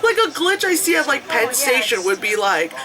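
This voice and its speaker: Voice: sits high, very animated, normal speed, crowd noise. A movie reviewer giving casual reaction commentary, laughing often, swearing freely and mimicking the characters. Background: film soundtrack music playing.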